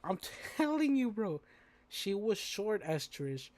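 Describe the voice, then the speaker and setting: Slow-talking man streamer telling stories. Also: high-pitched, very animated, a little mellow, dry recording. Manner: slangy, storytelling, says "bro" and "dude". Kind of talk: casual chat while playing a game.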